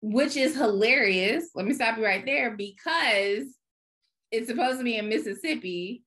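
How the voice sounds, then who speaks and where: A woman's voice: a little high, animated, a bit bright. A woman co-hosting a podcast, chatting casually about TV shows in an emphatic, teasing way. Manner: emphatic, teasing, quick to interject. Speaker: podcast co-host.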